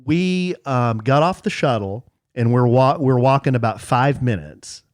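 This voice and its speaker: A middle-aged man co-hosting a casual podcast, telling rambling stories with a lot of self-mockery. His pitch moves around lively. He is recorded in a dry, close setting with no room sound. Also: measured pace, no echo. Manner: rambling, self-mocking, with restarts. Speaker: podcast co-host. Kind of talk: casual storytelling chat.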